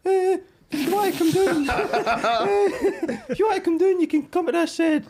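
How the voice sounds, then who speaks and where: A man's voice: extremely high pitch, lively intonation, moderate pace, background noise, pitched above the performer's own voice. A man imitating a friend as an awkward, hesitant adult man who keeps saying "eh". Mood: mocking. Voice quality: hesitant, full of "eh"s. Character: halting high-voiced adult male friend, awkward.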